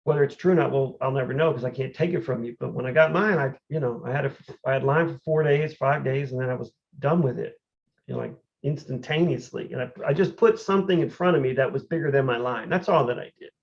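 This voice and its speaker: A man, a podcast guest, telling his story in a casual, animated way, full of "like" and "you know". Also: medium pitch, quick pace, vocal fry. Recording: dull, lo-fi audio.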